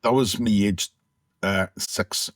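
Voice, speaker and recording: A man's voice: on the low side, fairly even intonation, slow, no echo, clean studio sound. A middle-aged man, telling his own story as an interview guest in a reflective, conversational way with frequent restarts. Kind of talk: candid personal storytelling.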